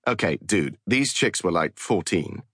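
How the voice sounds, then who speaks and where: A man's voice: low-pitched, lively intonation, measured pace, a bit bright, no echo, full character voice. A man voicing an exasperated podcast co-host. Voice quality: exasperated, dry. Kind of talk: audiobook reading.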